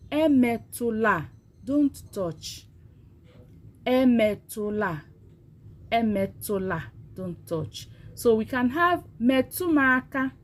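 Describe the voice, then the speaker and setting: A woman teaching a language lesson, patiently repeating words for learners to say after her. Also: medium pitch. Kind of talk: slow spoken language lesson.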